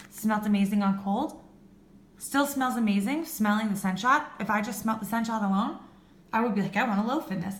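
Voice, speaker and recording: Woman, casual vlog chat, candid and swearing, echoey room, middle pitch. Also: fairly bright tone. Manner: chatty, swears, laughs at herself. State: voice cracking. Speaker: vlogger reviewing home fragrance.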